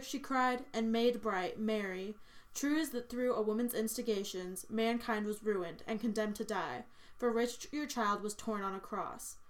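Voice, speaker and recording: A woman's voice: mid-range voice, close to an everyday voice. A woman voicing a devout young mother who prays and grieves over her child, speaking in a tender, prayerful way.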